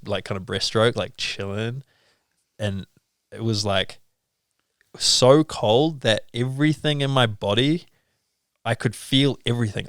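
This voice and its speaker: A man with a New Zealand accent, a podcast guest, telling stories in a relaxed way full of "like" and "bro". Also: medium pitch, smooth, dry recording, clean studio sound. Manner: laid-back, filler-heavy, lots of "like" and "bro". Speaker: podcast guest, pro skier. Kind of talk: casual podcast storytelling.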